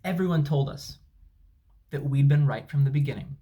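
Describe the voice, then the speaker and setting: A man's voice: mid-range voice, normal speed, dark tone. A man, a travel vlogger, telling an angry, sarcastic, emphatic story at home. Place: at home, indoors. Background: dryer and washing machine running.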